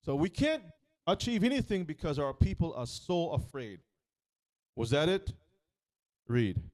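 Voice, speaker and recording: A man teaches a Bible passage with a lot of energy, cutting into the reading to ask questions. His voice swings widely and sits a little high. He often acts out the story in different voices. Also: big pitch swings, a little slow, a little mellow. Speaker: teacher leading a scripture reading. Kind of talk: interactive sermon.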